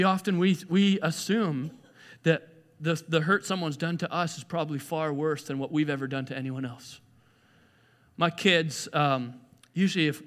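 A man preaching a sermon in a conversational way, often restarting and repeating words. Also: on the high side. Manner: conversational, animated, acts out quoted voices. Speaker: pastor. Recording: echoey hall.

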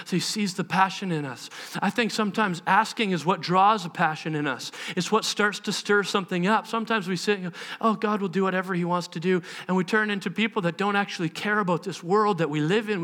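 At a live church service, a pastor with a high, strained, bright voice preaches an earnest, impassioned sermon. He acts out prayers and imitates other people's voices.

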